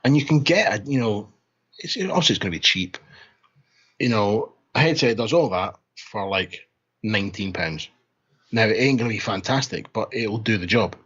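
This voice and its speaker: A man's voice: lowish voice, expressive, normal speed, fairly bright tone, husky, highs cut off. A man co-hosting a gaming podcast in casual chat, rambling, laughing and restarting his words. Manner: rambling, laughing, repeats words when starting. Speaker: podcast host.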